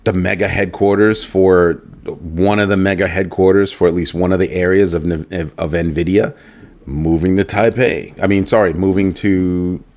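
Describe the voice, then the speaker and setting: A man with a very low voice hosts a casual livestream. He muses aloud, keeps asking rhetorical questions, and stops to read out viewer chat. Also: fairly even intonation, normal speed, darkish tone. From United States. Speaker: livestream host.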